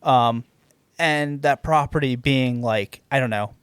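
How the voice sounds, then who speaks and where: A young man co-hosting a podcast, telling a story in casual chat, animated and swearing as he acts out quotes. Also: mid-range voice, slow, smooth, dry recording. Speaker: podcast co-host.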